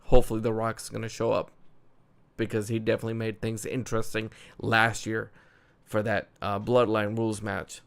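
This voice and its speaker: A man chatting casually as a show host, with a smooth, clear voice. He is loose and excitable, and he talks like he is on an online call with a friend. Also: fairly low pitch, moderate pace. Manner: excitable, laughs often, fillers like "dude" and "man". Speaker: podcast host. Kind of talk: casual wrestling chat.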